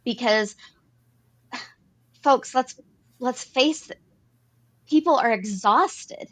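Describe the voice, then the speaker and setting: Slowly and in a slightly high voice, a woman co-hosting an advocacy talk show walks through policy with earnest explanations. Repeated phrases mark how she works through her points.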